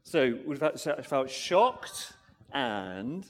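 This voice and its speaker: A man giving a family-friendly sermon, asking the congregation questions and talking back and forth with them in a lively way. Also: mid-range voice, very slow. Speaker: preacher. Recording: long hall reverb.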